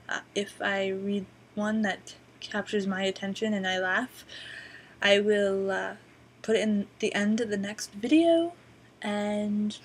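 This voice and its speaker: A woman's voice: mid-range voice, slight background noise. A woman vlogger telling stories casually to her laptop webcam, rambling with many "um"s and a wry, profane streak. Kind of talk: casual storytelling to camera. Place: indoors at a borrowed laptop.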